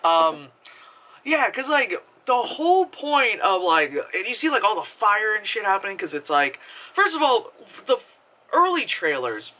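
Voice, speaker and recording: Animated, bright-voiced man rambling a review. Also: high voice, unhurried. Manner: rambling, filler-heavy, profane. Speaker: movie reviewer. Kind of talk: casual rambling movie review.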